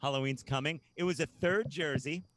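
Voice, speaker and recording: A man from Hampton Roads in Virginia, a guest on a casual podcast chat, talking in an excitable, rambling way with frequent laughs and restarts. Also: fairly high pitch, fairly quick.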